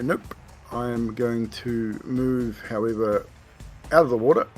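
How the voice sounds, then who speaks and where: A man at a tabletop game talks through his moves in a mid-range voice and teases his fellow players. Faint music plays behind him. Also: mid-range voice. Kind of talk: casual tabletop game chat.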